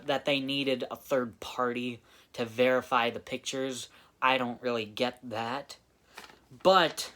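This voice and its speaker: A man giving a casual spoken film review, halting and often restarting his phrases. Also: mid-range voice, sharp tone. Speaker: movie reviewer.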